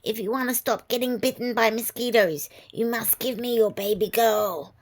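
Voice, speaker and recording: A woman voicing a mean, nasty old witch in a storybook, high, loud and drawn-out. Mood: threatening. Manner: shrill, loud and slow.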